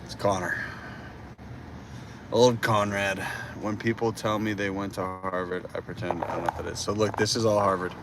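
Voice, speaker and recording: A man's voice: low voice, little pitch movement, a little fast, noisy background. A man in his twenties chatting casually with his live-stream viewers from a city street at night, teasing and joking with lots of slang. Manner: playful, teasing, slangy with lots of dude and bro. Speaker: livestreamer.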